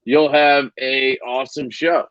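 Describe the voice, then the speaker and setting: A man hosting a live stream and wrapping it up, rambling and swearing casually between his ums. His voice sits at an ordinary middle pitch. The sound is dry and a bit dull and lo-fi, like a video call mic. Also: fairly even intonation, a little slow, fairly bright tone, no echo. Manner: rambling, loose and profane, with many ums.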